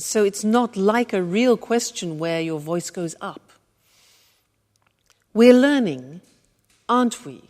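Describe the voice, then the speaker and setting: A woman teaching English at an unhurried pace. Her pitch swoops up and down with lots of life, and she leans hard on the melody of each example sentence. The recording carries a long, hall-like reverb. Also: darkish tone. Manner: stresses example sentences with sing-song intonation. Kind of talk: slow, deliberate language lesson.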